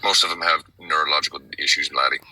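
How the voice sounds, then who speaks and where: A deep-voiced fellow hamming up an overdone Irish brogue and calling everyone laddie, as a man puts it on for laughs. The tone is very bright over a very low voice. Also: steady tone, quick pace, heavily acted, poor audio. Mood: joking. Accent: put-on Irish. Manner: hammy, tacks on "laddie". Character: man putting on a stage Irish brogue, jokey.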